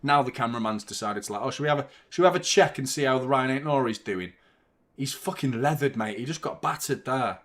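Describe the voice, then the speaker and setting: Swearing football fan on a livestream. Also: male voice, mid-range voice, lively intonation, fast. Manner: fan reacting to play, swears and shouts at the referee. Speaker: football watchalong host. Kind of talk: live match commentary and chat.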